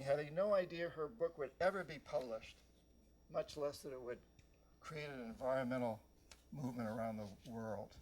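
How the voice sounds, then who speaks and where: An older man from New Hampshire giving a rousing speech, telling stories and firing questions at the audience. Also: on the high side. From New Hampshire, USA. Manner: storytelling, rousing, addresses the crowd with questions. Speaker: author giving a talk. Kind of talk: motivational speech to a live audience.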